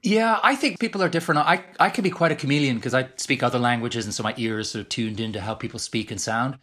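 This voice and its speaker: A middle-aged man with a Canadian accent, a guest author telling lively stories in a podcast interview. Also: medium pitch, quick pace. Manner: animated storyteller, laughs often.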